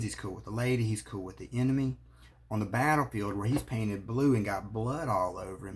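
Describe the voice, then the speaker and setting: Earnest man coaching viewers. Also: lowish voice. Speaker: marriage therapist and relationship coach. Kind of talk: direct-to-camera advice talk.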